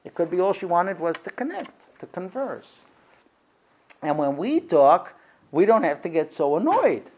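A man's voice: high voice, very animated, a little slow, a little mellow, breathy edge, dull audio. A man lecturing a class about marriage, animatedly acting out both sides of conversations.

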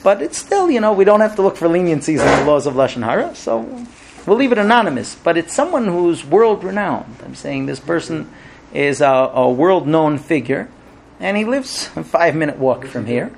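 Animated man teaching a religious class. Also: normal speed, creaky, a little hiss or hum. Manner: animated storyteller, acts out characters with big pitch jumps. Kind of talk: Torah class with told stories.

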